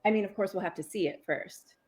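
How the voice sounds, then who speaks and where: A woman's voice: medium pitch, quick pace, a little mellow, close to an everyday voice. A woman voicing a stubborn, folksy old farmer father while retelling a story.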